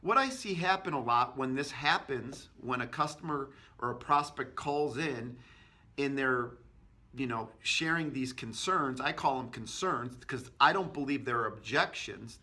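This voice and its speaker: Bright, energetic male sales trainer. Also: medium pitch. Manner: energetic, acts out customer and agent lines. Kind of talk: instructional talk to camera.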